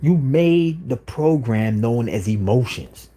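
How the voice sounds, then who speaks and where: Slow and mellow, with a medium pitch and an expressive delivery, this livestream host keeps pressing the same points over and over. He drops "you know what I'm saying" again and again throughout his monologue.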